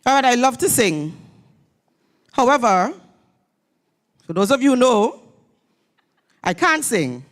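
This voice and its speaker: A woman's voice: on the high side, sing-song, slow pace, long pauses. A woman giving a motivational graduation address in a church. She speaks emphatically and leads call-and-response with her audience. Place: church hall at a graduation ceremony.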